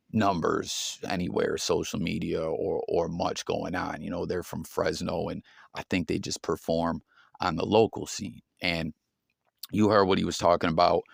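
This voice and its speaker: A man with a very low, heavily gravelly voice talks casually to his viewers in a commentary video. His delivery stays flat and level, with a dry, close sound and no room around it. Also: no echo. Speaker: commentary host.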